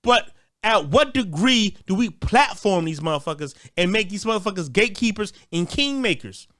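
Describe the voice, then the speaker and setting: A man rants in a high, fired-up voice, swearing freely and tripping over repeated words as he restarts his thoughts. The sound is dry and close, with no room around it. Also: animated, normal speed, a bit bright, no echo. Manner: repetitive stammering restarts, heated. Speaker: commentator. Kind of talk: profane ranting commentary.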